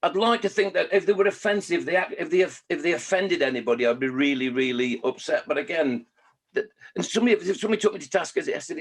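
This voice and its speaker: Husky-voiced poet chatting loosely and jokily over a video call. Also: male voice, fairly high pitch, fast. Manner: jokey, chatty, restarts a lot. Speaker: children's poet. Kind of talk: casual video-call interview.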